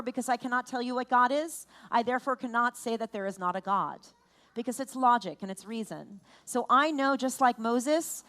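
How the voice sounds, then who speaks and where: A woman leading a lively family service, animated and playful, asking children questions and exclaiming at their answers. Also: fairly high pitch. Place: large room in a temple.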